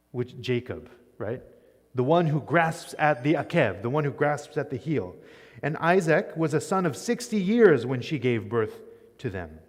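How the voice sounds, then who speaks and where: A man's voice: a little high, sing-song, measured pace. Man teaching in a reverberant hall. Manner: conversational, keeps asking "right?". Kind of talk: classroom Bible lecture. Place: church.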